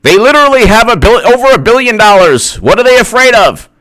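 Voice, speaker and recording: Male commentator, higher pitch, very animated delivery, incredulous rhetorical questions, casual. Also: a little fast. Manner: greets live chat viewers by name. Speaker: political commentary host.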